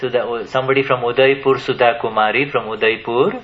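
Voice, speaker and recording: A man's voice: mid-range voice, fairly even intonation, fast, highs cut off. A man teaching at a spiritual question-and-answer session, hesitant, with many restarts and questions put to the audience. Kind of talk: spiritual Q&A talk to a live audience.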